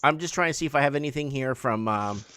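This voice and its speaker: A man's voice: mid-range voice, quick pace, bright, forceful tone, clear, resonant tone, dry recording, studio quality. A man hosting a casual call-in show, rambling and reading news headlines aloud with rising emphasis. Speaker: host.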